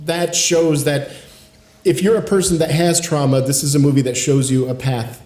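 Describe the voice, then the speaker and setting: A man's voice: a little high, steady tone, moderate pace, a little mellow. Earnest man in a roomy room. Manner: earnest, reflective, swears casually. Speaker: podcast co-host. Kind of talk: casual chat.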